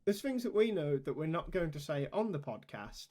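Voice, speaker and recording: A man with a high voice co-hosting a podcast. He talks fast, argues his points and cuts in on others. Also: sing-song, warm tone. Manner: quick, argumentative, cuts in. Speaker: podcast co-host. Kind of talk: casual chat.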